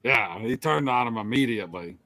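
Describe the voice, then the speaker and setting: A man's voice: mid-range voice, lively intonation, brisk, sharp tone, dry recording. A man co-hosting a casual chat show, teasing and joking with his co-hosts. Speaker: co-host.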